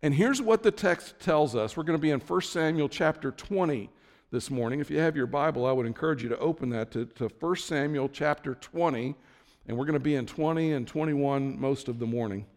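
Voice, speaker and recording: A man's voice: a little high, brisk, a little mellow, big-room sound. A man preaching a sermon as pastor, conversational, with frequent restarts and asides.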